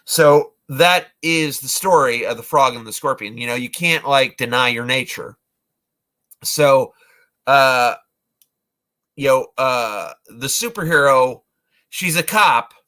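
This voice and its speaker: A man in his forties chats casually about movies he loves, rambling along with many fillers and restarts. His voice is bright and forward, sitting at an ordinary middle pitch. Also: takes it slowly. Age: 40s. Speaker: vlogger, movie reviewer. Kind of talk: casual retelling of films.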